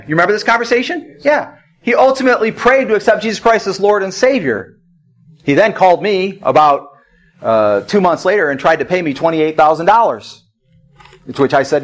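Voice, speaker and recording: A male pastor with a fairly high voice preaches a sermon at a church service. He talks in an emphatic storytelling style, often climbing to forceful declarations. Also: animated, fast.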